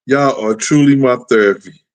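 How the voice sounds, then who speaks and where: A man's voice: mid-range voice, normal speed. A man in his fifties with a New York accent, hosting a casual live-stream chat and often laughing as he tells street stories. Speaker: show host.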